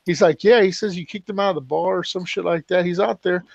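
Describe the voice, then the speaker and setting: A man's voice: high-pitched, quick pace, creaky, no room sound, highs cut off. A man co-hosting a casual live stream chat, telling profane, rambling stories with laughter. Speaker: podcast co-host. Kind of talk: casual crude storytelling chat.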